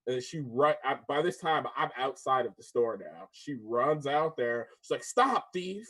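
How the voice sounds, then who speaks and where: A young man co-hosting a casual debate podcast, telling stories with lively energy and frequent laughs. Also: medium pitch, normal speed. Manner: animated storyteller, laughs often, acts out voices. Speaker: podcast co-host.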